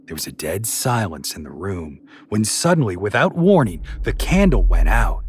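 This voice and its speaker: Expressive male storyteller, lively pitch. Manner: expressive, measured. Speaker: podcast reader. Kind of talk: storytelling narration.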